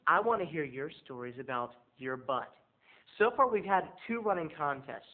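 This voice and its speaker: A man, a video blogger, telling a comic story to his viewers in an animated, theatrical way. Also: fairly high pitch, measured pace. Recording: tinny phone-like sound.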